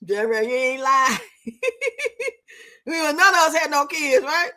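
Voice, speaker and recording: A young woman hosting a live stream, chatting loudly and profanely, teasing and laughing as she reads out viewers' comments. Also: high-pitched, a little slow. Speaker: livestream host. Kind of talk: casual live-stream chat reacting to a reality show.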